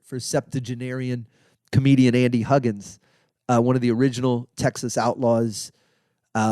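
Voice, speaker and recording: A man's voice: mid-range voice, darkish tone, clean tone, no echo, studio quality. A middle-aged man hosting his own podcast, answering listener questions in a rambling, chatty way with lots of fillers and asides. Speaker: podcast host.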